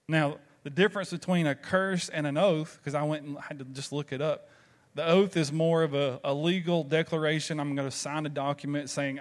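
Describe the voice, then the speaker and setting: A pastor with a Southern American accent, from the Southern United States, preaches at normal speed in a slightly high voice. He tells stories in a conversational way and tosses rhetorical questions to the congregation.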